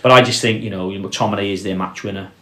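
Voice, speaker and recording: Low-voiced man talking football, roomy room. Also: fairly even intonation, sharp tone. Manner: measured, trails off and restarts, drops his voice on key points. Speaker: podcast co-host. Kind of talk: casual football chat. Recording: roomy echo.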